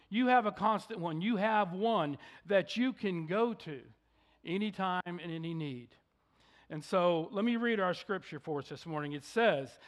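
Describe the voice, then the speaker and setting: Man in his middle years preaching, tenor-high, plainspoken and heartfelt, leads prayer. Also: moderate pace. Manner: folksy storytelling, earnest and conversational. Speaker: pastor. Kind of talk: sermon.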